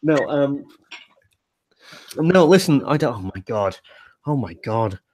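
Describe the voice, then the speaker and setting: A man's voice: mid-range voice, very animated, slow, a little mellow, no echo, clean studio sound. A tipsy man hosting a casual group livestream over a video call, slurring a little and rambling with many fillers and restarts. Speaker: livestream host.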